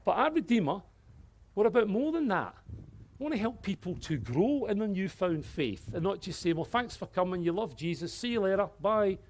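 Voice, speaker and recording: A man preaching a sermon, swinging from hushed, earnest passages to loud exclamations, with light-hearted asides. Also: sits high, very animated, moderate pace. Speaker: pastor.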